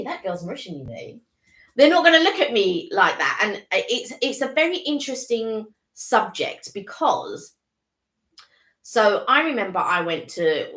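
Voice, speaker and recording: An Englishwoman co-hosts a casual live-stream chat, her mid-range, slightly bright voice sounding reverberant. She talks in rambling runs that restart and trail off.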